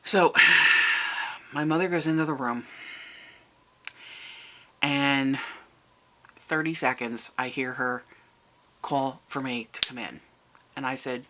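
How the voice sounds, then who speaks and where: A vlogger telling a personal family story to the camera, halting and restarting, and lifting the voice to act out quoted people. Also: mid-range voice, bright, forceful tone. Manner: recounts events, raising the voice for quoted people.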